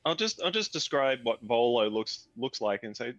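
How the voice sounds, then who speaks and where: A man's voice: medium pitch, sing-song, normal speed, fairly bright tone. A man playing a tabletop game, in laid-back, joking in-character banter. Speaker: player. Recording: dull dry lo-fi mic, faint music.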